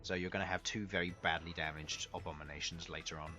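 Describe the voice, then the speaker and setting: A man's voice: low voice, steady tone, fast talker, bright, forceful tone, faint music behind. A man narrating a tabletop game as dungeon master, laughing often as he goes.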